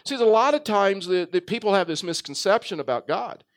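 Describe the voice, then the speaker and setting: A man's voice: sits high, lively intonation, fairly quick. A man preaching a sermon, telling a story with frequent fillers and restarts. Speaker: pastor.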